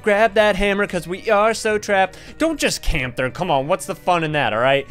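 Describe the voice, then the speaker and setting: Man, high voice, smooth and clear, excitable gaming commentary, playful trash talk. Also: normal speed, faint music behind. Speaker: gaming YouTuber host. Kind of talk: casual gameplay commentary.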